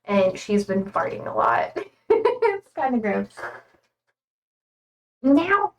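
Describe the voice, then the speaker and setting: A woman's voice: medium pitch, animated, measured pace, creaky, distant mic, low-quality recording. A young woman streamer chatting casually in a rambling way with many fillers. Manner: rambling, many fillers, talking to her cats. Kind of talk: casual chat.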